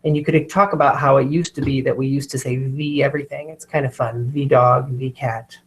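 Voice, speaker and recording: Very low-voiced woman teacher, sounding out words. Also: steady tone. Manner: sounds out words slowly and carefully. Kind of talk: instructional explanation.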